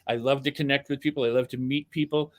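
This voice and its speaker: Speaking fast in a steady, mid-range voice, an older self-help speaker tells a personal story as a podcast guest. His storytelling is candid and earnest, with repeated phrases for emphasis.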